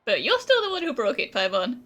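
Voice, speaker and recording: A woman's voice: sits high, wildly swooping pitch, brisk, a bit bright, slight background noise. Teasing woman chatting over gameplay. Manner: teasing, chatty, talks back to the characters. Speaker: gaming streamer. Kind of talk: casual gameplay commentary.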